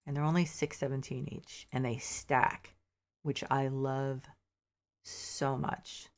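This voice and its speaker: A woman streamer with a low, gravelly voice chats casually with her viewers as she plays. She thinks aloud and drops mildly exasperated asides. She sounds a little sleepy. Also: flat delivery, slow. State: sleepy, yawning. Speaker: game streamer. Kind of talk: casual gameplay commentary.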